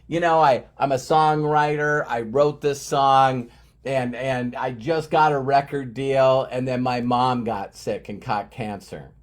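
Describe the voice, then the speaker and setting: Slow, emphatic motivational speaker, male. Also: medium pitch, steady tone. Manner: emphatic, repeats phrases for effect. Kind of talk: motivational talk.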